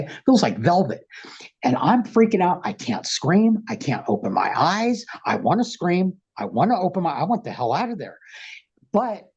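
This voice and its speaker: A man with a husky, slightly breathy voice talks over a video call, frank and animated, swearing freely as he recounts events. The audio is muffled and lo-fi, like a compressed call. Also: high voice. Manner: frank, rambling, profane, animated retelling. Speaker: guest. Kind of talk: casual storytelling interview.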